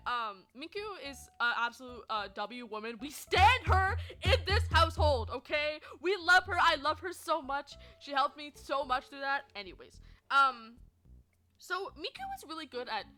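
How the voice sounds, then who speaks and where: A young woman streamer telling stories to her chat in a chatty, animated way, swearing freely and laughing often. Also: high voice, moderate pace, faint music behind. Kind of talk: casual storytelling to chat.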